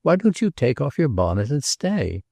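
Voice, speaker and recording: A man voicing a brash, cheerful self-made gentleman who talks heartily. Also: fairly low pitch, big pitch swings, moderate pace, no room sound, studio quality. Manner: hearty, jovial.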